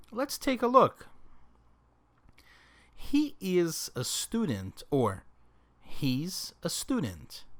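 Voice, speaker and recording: A man teaches a recorded English lesson, slowly drilling example sentences with exaggerated question intonation. His voice is high-pitched with a fairly bright tone.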